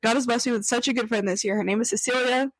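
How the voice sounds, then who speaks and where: A woman's voice: fairly high pitch, steady tone, quick pace, no room sound, low-quality recording. A young woman hosting a casual chat, talking with lots of fillers and acting out quoted voices. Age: young adult. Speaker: podcast host.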